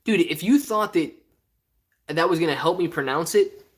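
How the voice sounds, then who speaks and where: A man's voice: on the high side, expressive, normal speed. A man from Ohio hosting a casual live stream, reading viewer comments aloud in a rambling, joking way and often laughing. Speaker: stock livestream host.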